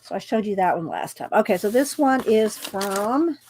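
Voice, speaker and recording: A woman's voice: medium pitch, animated, normal speed, a little mellow, a little hiss or hum. A woman, chatting casually on a livestream and reading cards aloud, stumbling over names as she goes. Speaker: channel host.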